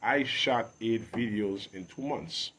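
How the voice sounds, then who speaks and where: A man's voice: on the low side, slow, slight background noise. Emphatic Virgin Islands man. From U.S. Virgin Islands, Saint Thomas. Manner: preachy, emphatic, often rising loud and emphatic. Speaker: interview guest, musician. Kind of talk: casual reasoning talk.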